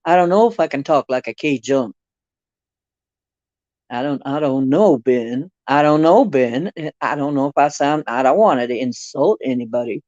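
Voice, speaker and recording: A woman's voice: extremely low pitch, moderate pace, darkish tone, no room sound, dull audio. A woman hosting a casual livestream, musing and rambling while she answers viewer comments. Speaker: livestream host reading viewer chat.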